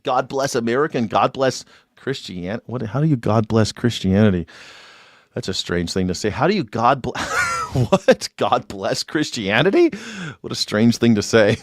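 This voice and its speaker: A man's voice: mid-range voice, sing-song, normal speed, no echo, clean studio sound. A man hosting a live call-in show, talking in a mocking, sarcastic way and laughing often. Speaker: livestream show host.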